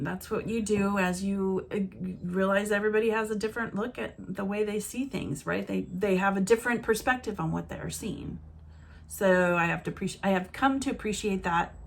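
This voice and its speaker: A woman's voice: mid-range voice, vocal fry. A woman in her forties talking frankly and reflectively to her viewers in a casual, motherly monologue. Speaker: vlogger.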